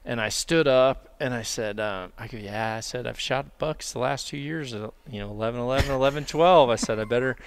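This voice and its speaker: A man spins a hunting yarn in relaxed podcast chat, voicing the people in his story with lots of energy and laughter. His voice is smooth and clear, recorded close and dry. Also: medium pitch, fairly quick, hardly any pauses, dry recording. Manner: animated, acts out dialogue, laughs while telling. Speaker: podcast guest, bowhunter. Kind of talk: casual storytelling.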